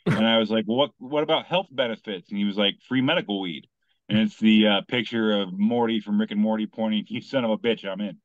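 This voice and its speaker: A man's voice: on the low side, quick pace, no echo, narrow, tinny audio. A man co-hosting a podcast in casual comedic chat, rambling along as he reads out memes. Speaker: podcast co-host.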